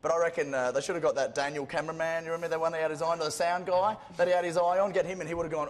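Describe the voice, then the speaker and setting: Irish panelist, slightly high voice, jokey, clear background noise. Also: male voice, very fast, hardly any pauses. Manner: jokey, laughing, tells stories. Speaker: panel guest. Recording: noisy studio background.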